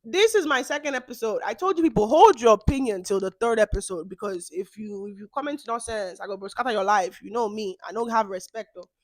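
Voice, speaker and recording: A woman with a Nigerian accent hosting her own podcast, lecturing her listeners in an emphatic rant that swings into loud outbursts. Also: on the high side, expressive, brisk, hardly any pauses, no echo. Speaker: podcast host. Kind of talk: ranting monologue.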